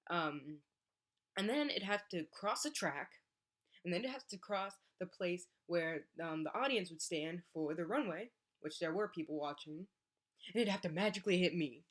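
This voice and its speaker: A young woman, a college athlete, tells a personal story in a casual vlog, speaking at a normal speed in a lowish voice. She's animated and acts out the voices of the people in her story.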